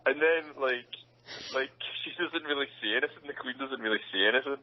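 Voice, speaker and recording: A man's voice: mid-range voice, fairly quick. A young man who is an actor, chatting casually in an interview, laughing often and acting out quotes. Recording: dull lo-fi sound.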